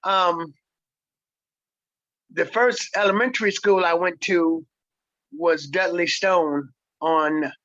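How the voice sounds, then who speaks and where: A man in his sixties from San Francisco, a stage actor interviewed as a guest, telling stories in a slow, relaxed way. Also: sits high, no room sound, lo-fi sound. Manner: slow, relaxed storytelling with repeated words. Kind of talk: casual interview chat.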